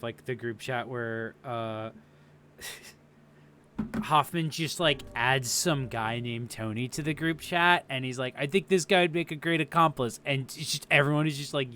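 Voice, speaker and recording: A man's voice: medium pitch, sharp tone, clean tone. A young man rambling through casual live game commentary, swearing often and laughing easily. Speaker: streamer.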